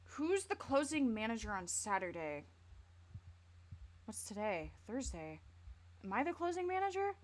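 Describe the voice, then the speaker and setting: A woman's voice: fairly high pitch, very animated, unhurried, long pauses. Swearing young woman streamer. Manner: crude, swearing, rambling and jokey. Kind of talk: casual live-stream reaction.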